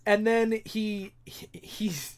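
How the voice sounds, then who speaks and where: A man's voice: high voice, fairly even intonation, drawn-out words, clean tone. A man co-hosting a podcast, recapping loosely with lots of fillers and restarts. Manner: rambling recap full of "like" and restarts. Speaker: podcast co-host. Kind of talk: casual chat.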